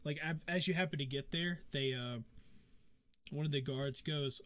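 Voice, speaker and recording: A man's voice: mid-range voice, fairly even intonation, normal speed, a bit bright. A young man narrating as game master in a rambling way, full of fillers, laughing often.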